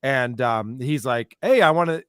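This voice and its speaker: A man talking as a podcast guest in casual chat, telling stories in an animated, sarcastic way. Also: mid-range voice, measured pace, smooth, no echo, clean studio sound.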